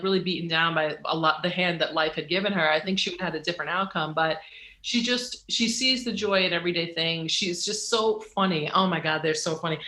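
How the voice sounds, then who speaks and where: A woman's voice: fairly low pitch, pushed and bright. A middle-aged woman, an author talking as an interview guest, who acts out quoted dialogue with sudden leaps in voice and laughs as she tells stories. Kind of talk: animated interview conversation. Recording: roomy echo.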